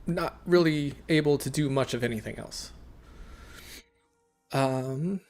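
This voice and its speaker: Animated man running a tabletop game. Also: mid-range voice, slow pace. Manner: laughing often, animated narration. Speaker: dungeon master.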